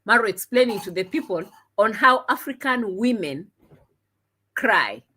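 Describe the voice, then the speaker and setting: A woman's voice: medium pitch, unhurried. Indignant woman reacting to a video. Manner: indignant, mocking, animated. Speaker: commentary vlogger. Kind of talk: reaction commentary. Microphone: desk camera.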